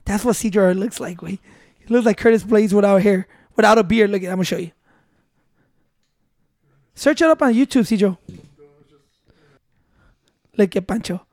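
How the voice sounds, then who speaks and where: A man in casual banter, loud and joking, swearing and switching into Spanish. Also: sits high, normal speed, long pauses, no echo, clean studio sound.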